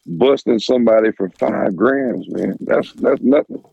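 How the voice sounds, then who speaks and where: Lowish muffled man telling cop stories. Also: unhurried, creaky, husky, dry recording. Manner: animated, swears freely, acts out quoted voices. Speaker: former police officer, podcast guest. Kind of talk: casual storytelling interview.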